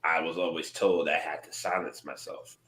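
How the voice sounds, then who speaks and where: Bright-voiced man in a roomy echo. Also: rumbling low, level tone, moderate pace. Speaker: podcast co-host. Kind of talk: casual podcast chat.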